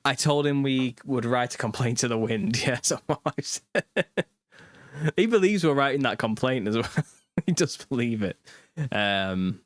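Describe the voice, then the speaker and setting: A man's voice: medium pitch, expressive, measured pace, pauses often, dry recording, clean studio sound. A British man in his thirties hosting a casual livestream, chatting and reading viewer comments, laughing often mid-sentence. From United Kingdom. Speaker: host.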